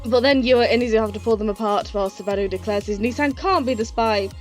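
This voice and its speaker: A woman with a fairly high voice gives a casual retrospective review, chatty and enthusiastic and quick to laugh. She sounds slightly out of breath. Faint music plays quietly behind her.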